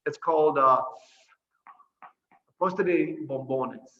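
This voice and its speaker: A man who is a priest and orphanage director, chatting casually over a video call, animated and laughing often as he tells stories. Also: fairly high pitch, slow pace, lo-fi sound. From Boston area. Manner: laughing often, animated storytelling with voiced asides.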